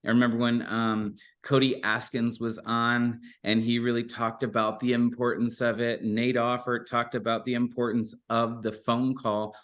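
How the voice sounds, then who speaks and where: A man's voice: mid-range voice, little pitch movement, moderate pace, few pauses, fairly bright tone. A man hosting a sales podcast, talking loosely and self-deprecatingly in casual chat. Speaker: podcast host.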